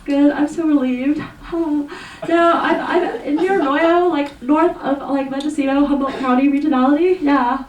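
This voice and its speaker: A woman's voice: high-pitched, fairly even intonation, normal speed, a little mellow, a little hiss or hum, close to an everyday voice. Woman playing a giggly teen on the phone. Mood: giddy. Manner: breathless, giggly phone chatter full of odd big words. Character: chatty teenage girl, dreamy, dramatic vocabulary. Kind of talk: solo stage monologue. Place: small performance space. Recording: roomy, distant live VHS recording.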